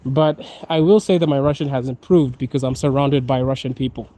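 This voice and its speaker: A man's voice: mid-range voice, fairly even intonation, a little fast, warm tone, poor audio. A man chatting casually on a live stream from his phone, laughing often and calling his viewers dude and bro. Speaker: livestream host. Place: outdoors on a snowy street.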